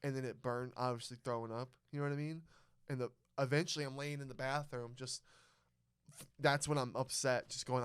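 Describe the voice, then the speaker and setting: A young man hosting a casual podcast, telling a story loudly with plenty of swearing. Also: mid-range voice, fairly quick, smooth, no echo, clean studio sound. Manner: loud, swearing, animated storyteller. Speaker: podcast host. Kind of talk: casual chat.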